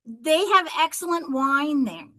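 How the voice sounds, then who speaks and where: A woman's voice: high-pitched, lively intonation, a little slow, pushed and bright, rough recording. A middle-aged woman co-hosting a podcast, rambling cheerfully through a personal story in casual chat. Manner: chatty, rambling storyteller, often addresses her brother. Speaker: podcast co-host.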